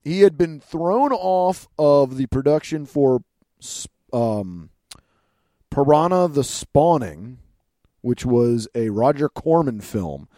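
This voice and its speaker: A man's voice: medium pitch, very animated, takes it slowly, warm tone, no room sound, studio quality. A man chatting casually as a podcast co-host, telling stories with frequent laughs, fillers and restarts. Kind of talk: casual chat.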